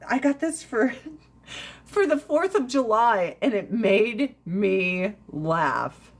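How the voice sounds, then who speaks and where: A woman in her forties chatting casually with viewers on a livestream, brash and profane, ranting and laughing often. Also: medium pitch. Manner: laughs often between lines.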